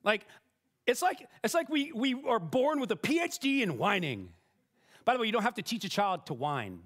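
A man's voice: high-pitched, very animated, moderate pace, a bit bright. A middle-aged man preaching a sermon as pastor, conversational and self-deprecating, often checking in with "right?" and restarting his sentences.

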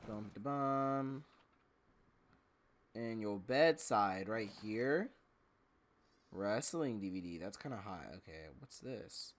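A man's voice: on the low side, lively intonation, slow, pauses often. A man doing casual let's-play commentary, joking, swearing and laughing to himself as he plays. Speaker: gamer.

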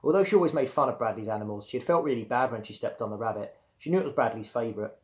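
A man's voice: mid-range voice, expressive, rapid-fire. A man, a primary school teacher, reading a children's book aloud. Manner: storytelling.

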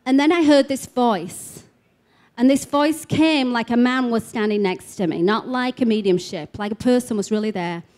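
Addressing an expo crowd in a talk room, a woman recounts spiritual healing stories in a loose, chatty way, leaning on "like" and similar fillers. Her voice runs on the high side, slightly mellow, at a moderate pace.

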